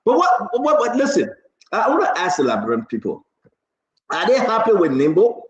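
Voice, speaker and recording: A man hosting a live political talk show, animated, teasing and laughing as he talks. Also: sits high, normal speed, echoey room, poor audio. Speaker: show host. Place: New Jersey.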